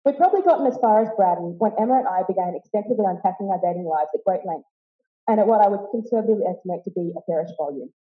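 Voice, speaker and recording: A woman's voice: medium pitch, expressive, very fast. A young woman giving a wry, vivid memorial speech full of stories. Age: young adult. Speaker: eulogy speaker. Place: woolshed hall. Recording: roomy, dull hall sound.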